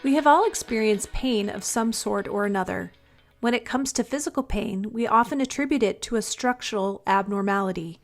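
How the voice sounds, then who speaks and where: A woman reading a scripted podcast episode introduction in an even, read-aloud manner. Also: mid-range voice, moderate pace, faint music behind. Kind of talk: scripted narration.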